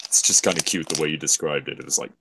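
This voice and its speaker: A speaker chatting casually in a slow, laid-back way. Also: a bass voice, steady tone. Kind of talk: casual chat. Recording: noisy background.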